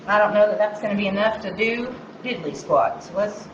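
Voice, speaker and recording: Talking to herself as she works, this craft tutorial host keeps up a chatty, sing-songy patter during a live demonstration. She speaks fairly quickly at a medium pitch and sounds animated, with background noise in a roomy, slightly dull recording.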